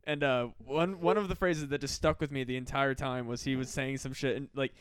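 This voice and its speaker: A man on a casual comedy podcast, telling stories in a profane, animated way. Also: mid-range voice, brisk, clear, resonant tone, no room sound. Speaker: podcast co-host.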